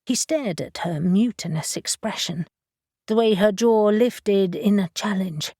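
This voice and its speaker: A woman narrating an audiobook in an even, measured manner. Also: mid-range voice, no echo, clean studio sound. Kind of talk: scripted narration.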